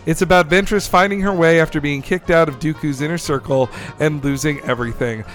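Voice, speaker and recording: A man hosting a casual podcast discussion, enthusiastic and quick to laugh, who shares trivia. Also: fairly high pitch, fairly even intonation, a bit bright, soft background music. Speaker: podcast host.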